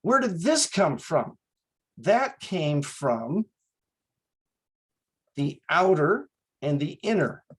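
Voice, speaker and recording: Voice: mid-range voice, big pitch swings, drawn-out words, pauses often, slightly rough, poor audio. A math instructor giving a classroom lecture in a folksy way, checking in with students and slipping in small jokes.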